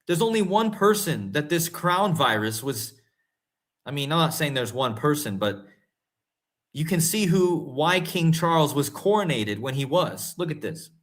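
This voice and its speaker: Male host, casual commentary, excitable and emphatic, voice slightly high. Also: a little slow. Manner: excitable, rising to incredulous emphasis; talks to viewers directly, often calling them guys and folks. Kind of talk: casual conspiracy commentary to camera.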